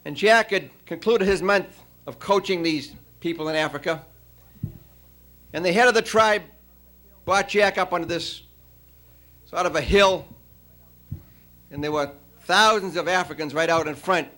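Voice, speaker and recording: A man giving a farewell after-dinner speech, telling a long joke with frequent pauses and fillers. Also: high-pitched, pushed and bright. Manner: storytelling, halting with many uh fillers.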